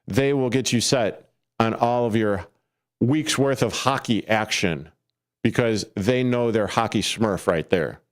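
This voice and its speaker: A man's voice: lowish voice, unhurried. A man hosting a local sports radio show, rambling through a casual monologue with frequent self-corrections and jokey asides. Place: radio studio. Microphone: studio microphone.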